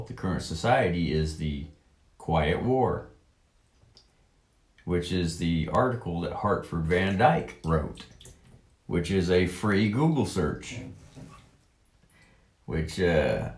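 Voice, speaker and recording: A man slowly reading a text aloud and commenting on it in a rambling monologue, halting with drawn-out words and many fillers. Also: low-pitched, roomy sound. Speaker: online commentator.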